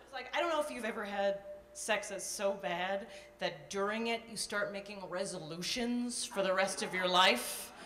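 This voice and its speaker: A woman's voice: mid-range voice, moderate pace, a bit bright, slight background noise. A woman from Canada doing a live stand-up set, telling stories in a brash, chatty way with profane punchlines. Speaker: stand-up comedian. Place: nightclub stage before a live audience. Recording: roomy live club sound.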